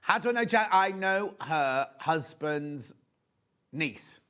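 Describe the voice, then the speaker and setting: A man presenting fabrics on a live TV shopping show speaks slowly, with lively intonation and a fairly high, somewhat bright voice. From the studio, he keeps up enthusiastic chat and gossip as he sells.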